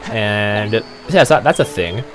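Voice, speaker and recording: A man's voice: fairly low pitch, lively intonation, takes it slowly, over music. Laid-back rambling young man. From Canada. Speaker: let's play host. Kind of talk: casual let's play commentary.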